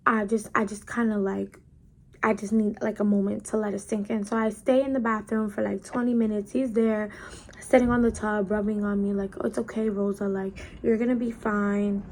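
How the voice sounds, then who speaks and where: A young woman talks straight to her camera in a loose, chatty storytime, jumping into animated voices for each person she quotes. Her voice sits a little high. There is a faint hiss of noise behind her. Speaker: vlogger. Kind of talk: casual storytime chat. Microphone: camera mic while doing makeup.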